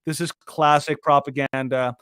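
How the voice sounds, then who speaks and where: A man cohosts a podcast in a loose, energetic, ranting way. His voice sits a bit high for a man. The recording is dry and close, with no room sound. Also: normal speed, smooth, no room sound. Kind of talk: casual chat.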